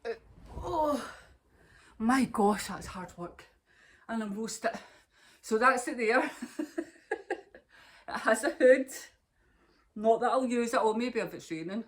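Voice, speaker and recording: A woman's voice: a little high, expressive, slow pace, long pauses. A woman hosting a knitting podcast, chatting casually and rambling on with gushing enthusiasm, filmed on her phone at home. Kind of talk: casual chat to camera.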